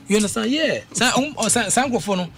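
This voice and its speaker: A Ghanaian man hosting a radio show, talking in an animated, rambling way that keeps circling back with fillers. His voice sits a little high for a man. Faint noise hums under the broadcast. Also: a little fast. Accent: Ghanaian English. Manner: animated, repetitive, with frequent fillers. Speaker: radio host. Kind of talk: casual radio talk mixing English and Twi.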